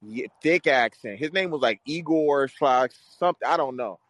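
A man's voice: mid-range voice, animated, moderate pace, a bit bright, no room sound. A man calling in to a podcast, joking and rambling in loose slang. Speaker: caller. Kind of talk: casual call-in chat.

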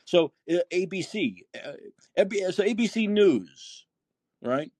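This man's high, husky, a little mellow voice is animated yet unhurried, with no echo. As host of a political call-in podcast, he rants indignantly in a political commentary monologue, swearing, using rhetorical questions, and reading listener posts aloud.

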